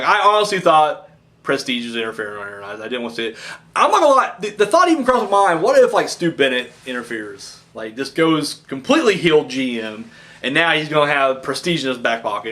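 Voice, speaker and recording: Man hosting a casual review vlog, high voice, bouncing all over the place, rambling and swearing. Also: fairly quick. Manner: rambling and animated, acts out quotes in voices, swears freely. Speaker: wrestling show reviewer.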